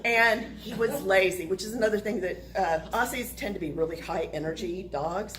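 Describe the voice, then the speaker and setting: A woman telling a personal story to listeners, animated and laughing through the funny parts. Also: medium pitch, moderate pace, a little hiss or hum, low-quality recording.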